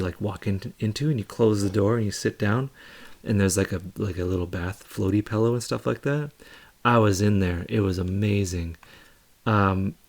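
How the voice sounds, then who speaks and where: A young man chats casually on a live stream, his voice sitting low and rough with vocal fry. He wanders through his story loosely, with plenty of fillers and restarts.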